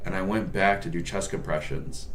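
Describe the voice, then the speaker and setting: A man's voice: deep voice, fairly even intonation, moderate pace, a little hiss or hum. A man, a nurse, telling a work story in a profane, rambling, casual vlog style.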